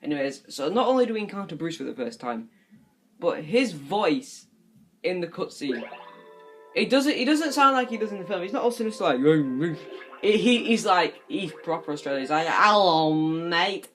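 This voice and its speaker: A young man in his twenties rambles through casual gameplay commentary, chatty and swearing now and then, in a slightly high voice. Game music plays clearly behind him. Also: sing-song, brisk, rough recording. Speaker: gaming commentator.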